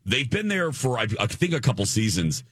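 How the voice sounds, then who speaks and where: A man's voice: mid-range voice, sing-song, brisk, a bit bright, breathy edge, dry recording, clean studio sound. A man from the Chicago area co-hosting a radio show, chatting with enthusiasm and often restarting his sentences. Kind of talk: casual chat.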